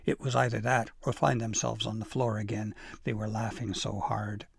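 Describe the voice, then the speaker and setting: A man narrating a storybook in a gentle, measured reading. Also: fairly low pitch, little pitch movement, vocal fry, slightly rough, dry recording.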